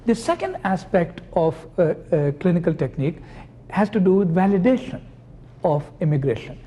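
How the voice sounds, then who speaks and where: Mellow-voiced man giving an academic lecture. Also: sits high, sing-song, normal speed. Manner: explanatory, teaching with clinical examples. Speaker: psychoanalyst lecturer.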